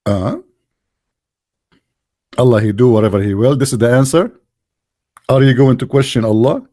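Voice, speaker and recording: A man's voice: mid-range voice, normal speed, dark tone, dry recording, clean studio sound. A man speaking English as a second language, mocking a religious text in sarcastic, incredulous commentary. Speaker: online religion critic.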